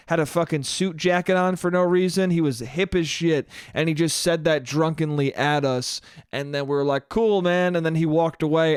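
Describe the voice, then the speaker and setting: A young man telling stories on his solo podcast, swearing freely and laughing at himself, in a slightly high, smooth and clear voice. The close mic gives a dry sound. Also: no echo. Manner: animated, profane, self-mocking. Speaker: podcast host. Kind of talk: solo comedic storytelling.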